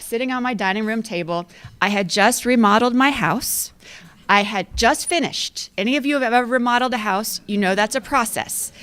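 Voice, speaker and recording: In her fifties, this woman's voice sits on the high side with a slightly bright tone. She's an athletic director giving a storytelling club luncheon speech, conversational and self-deprecating, often laughing at herself.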